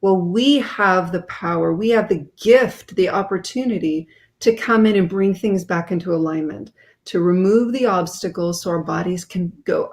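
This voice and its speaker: Earnest woman, low voice. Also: normal speed. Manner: earnest, explanatory. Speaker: guest author. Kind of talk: interview explanation.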